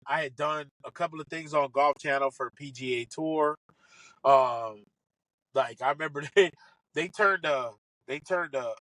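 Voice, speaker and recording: An excitable man tells comic stories as a podcast guest, slipping into the voices of the people in them. His voice sits a bit high and rings bright and forceful. The sound is close and dry, with no room in it. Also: dry recording, rough recording. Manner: animated, excitable, acts out quoted lines. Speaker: podcast guest, comedian and golf broadcaster. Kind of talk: casual comic storytelling.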